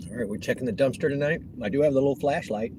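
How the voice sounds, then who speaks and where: A man's voice: medium pitch, rapid-fire. Chatty man live-streaming on the road. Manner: chatty, jokey asides, talks to passersby. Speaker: delivery rider vlogger. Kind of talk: casual live-stream commentary. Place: outdoors on city streets, riding a cargo bike. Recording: clear outdoor street noise from vehicles. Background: traffic and street noise.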